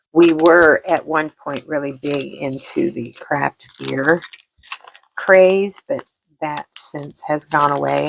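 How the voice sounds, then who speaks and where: A middle-aged woman hosts a casual crafting chat in a low voice with a gravelly edge. She talks slowly and rambles, circling back to repeat herself. She pokes fun at herself as she goes. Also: slight background noise. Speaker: vlog host.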